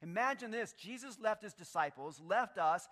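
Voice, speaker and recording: Brief: high, bright-voiced male pastor, animated sermon with loud peaks and quiet stretches, talks back and forth with the room. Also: moderate pace. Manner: animated, swinging between loud emphatic lines and quiet low ones; talks with the congregation, takes answers from the room.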